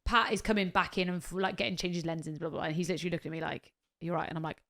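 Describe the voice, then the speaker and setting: A woman co-hosting a podcast in casual chat, telling a story with lively energy, swearing freely and acting out what people said. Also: fairly low pitch, very fast, gravelly. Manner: animated storyteller, swears freely, acts out quotes. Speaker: podcast co-host.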